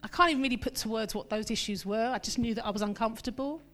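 A woman preaching a sermon in a lively, conversational way, mixing scripture with humorous personal asides. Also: a little high, rapid-fire.

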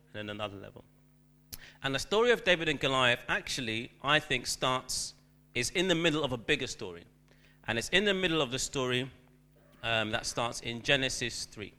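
A man's voice: mid-range voice, sharp tone. A man preaching a sermon, talking loosely and hesitantly with lots of ums and uhs. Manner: rambling, hesitant with many fillers.

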